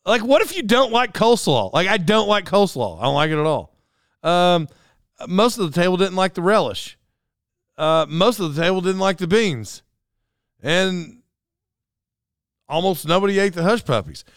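Middle-aged male host, chuckling storyteller who rambles, clear, slightly high voice. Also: lively intonation, normal speed, pauses often, no echo, studio quality. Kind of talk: casual rambling monologue.

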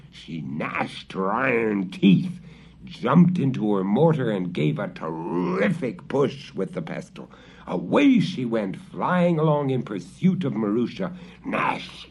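A man reading a fairy tale aloud in an expressive, dramatic storybook style. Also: lowish voice, vocal fry, slightly rough. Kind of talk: storybook narration. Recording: dull lo-fi recording.

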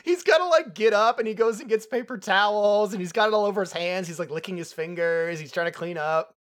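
Excitable young man reviewing a film. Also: high-pitched, fairly quick. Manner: excitable, laughs often, swears casually. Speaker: podcast co-host. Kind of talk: casual movie review chat.

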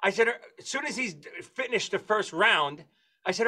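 A man telling a comic story among friends, acting out the voices of the people in it with shrill squeals. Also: lively intonation, moderate pace, pushed and bright. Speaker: podcast host telling a story.

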